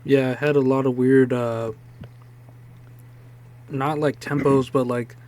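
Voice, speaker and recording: A man's voice: medium pitch, steady tone, darkish tone. A man co-hosting a podcast, joking and laughing in casual chat. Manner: teasing, quick to laugh. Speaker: podcast co-host.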